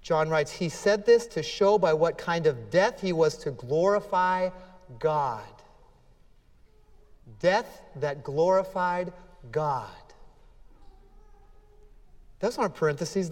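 High-pitched guy preaching a sermon, earnest, lots of emphasis, echoey hall sound. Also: expressive, takes it slowly. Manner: earnest, emphatic preaching with dramatic readings of scripture. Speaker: pastor.

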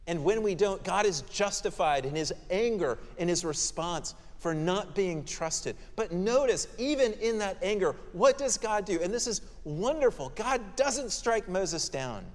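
A male pastor gives an expository sermon in a conversational, emphatic manner. His voice sits a bit high. A long hall reverb trails each phrase. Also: expressive, a little slow, hardly any pauses.

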